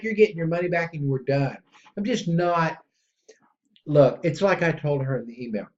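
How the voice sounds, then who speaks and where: A man hosting a podcast in a casual, rambling monologue that gets excitable. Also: normal speed. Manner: excitable and rambling, jumps between pitches. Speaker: podcast host. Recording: dull lo-fi audio.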